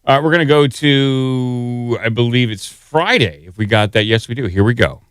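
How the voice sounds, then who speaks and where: A man's voice: mid-range voice, moderate pace, clean tone, dry recording, clean studio sound. A man hosting a podcast, talking casually while he plays clips and fixes the sound settings. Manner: rambling while working the sound board. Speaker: podcast host. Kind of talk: casual chat.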